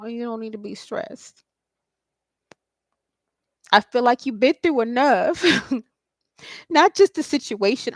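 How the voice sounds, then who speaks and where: A woman's voice: on the high side, dry recording. A woman giving a casual psychic tarot reading, reassuring and blunt, often asking "okay?" and swearing casually. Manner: reassuring, repeats "okay?" and "I feel like". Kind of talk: casual spiritual reading to camera.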